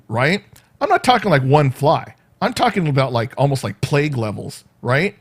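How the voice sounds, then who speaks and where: A man's voice: mid-range voice, moderate pace, slightly rough. A man vlogging from his home, telling a rambling story to the camera and often breaking off with "right?". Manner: animated, rambling, peppered with "right?" and laughs.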